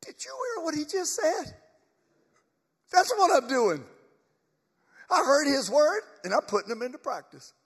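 Man playing Lazarus: a revived man, pitched high and insistent, in reverb. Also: measured pace, pauses often, exaggerated voice. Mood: excited. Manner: excited, insistent. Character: Lazarus, a dead man raised, bewildered and joyful. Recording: long church reverb.

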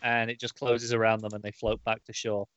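A man's voice: on the low side, flat delivery, a little fast, fairly bright tone, clear, resonant tone, dry recording. Rambling man recapping a comic. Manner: rambling, many fillers, acts out quoted lines. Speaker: podcast co-host. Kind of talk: casual comic book review chat. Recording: dull, dry, lo-fi audio.

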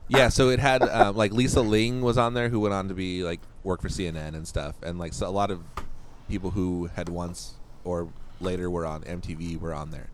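A man's voice: deep voice, little pitch movement, brisk, a little hiss or hum. A man co-hosting a podcast, telling rambling stories in casual chat and laughing often. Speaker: podcast co-host.

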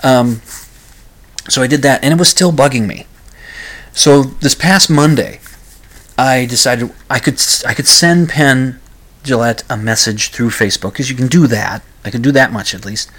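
A man's voice: mid-range voice, normal speed, a bit bright. A man hosting his own talk show alone, rambling and self-deprecating, with many restarts and fillers. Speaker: podcast host. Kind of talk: casual solo monologue.

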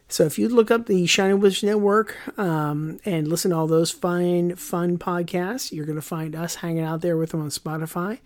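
A man's voice: sits high, fairly even intonation, moderate pace, hardly any pauses. A man co-hosting a podcast, rambling and joking through the sign-off with lots of fillers. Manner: rambling, jokey, filler-heavy. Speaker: podcast co-host. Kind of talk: casual podcast sign-off chat.

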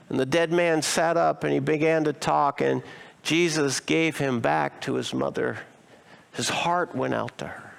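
A male pastor preaching a sermon expressively, asking his listeners rhetorical questions and slowing down to stress key phrases. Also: fairly high pitch, gravelly, fairly bright tone, smooth.

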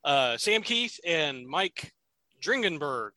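Man, podcast co-host, casual chat, bright, lively pitch, dry sound, laughs often, restarts a lot. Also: slow pace, no echo.

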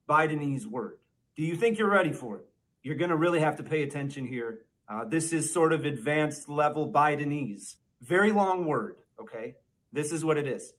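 A man narrating a mock language lesson, slowly sounding out made-up words. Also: a little high, a bit bright. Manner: slow, exaggerated spelling-out of made-up words.

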